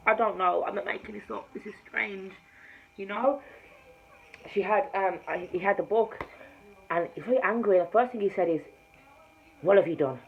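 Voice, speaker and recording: A woman with a Jamaican-tinged accent tells her spiritual testimony straight to camera, emphatic and vivid, her voice dropping low and then rising loud. Her pitch sits in the middle of the usual female range. The recording sounds a little dull, with a faint room ambience behind her. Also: a little hiss or hum. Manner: emphatic storytelling, often swinging between hushed and loud. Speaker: tarot reader and spiritual mentor. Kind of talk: personal testimony told to camera.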